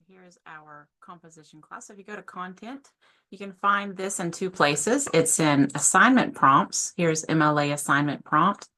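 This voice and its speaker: A woman's voice: lowish voice, moderate pace, bright, forceful tone. A woman instructor giving a casual, informal screen-share tutorial from a home office, often correcting herself mid-sentence. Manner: chatty, self-correcting, informal. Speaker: composition instructor.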